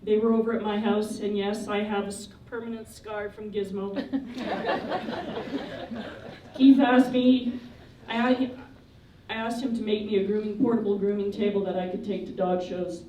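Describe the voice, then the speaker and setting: A woman speaks at a memorial service, telling funny anecdotes in a lively, humorous way. Her voice is mellow and somewhat distant from the mic. It rings out in a strongly echoing hall with faint ambience behind. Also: mid-range voice, unhurried. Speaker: eulogy speaker.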